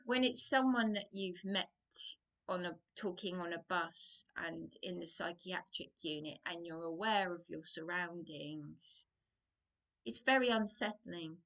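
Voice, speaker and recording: A woman's voice: lowish voice, measured pace, gravelly, fairly bright tone. A woman telling a rambling personal story to camera, drifting off on tangents with sighs and hesitations. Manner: digressive, hesitant, sighing. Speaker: vlogger.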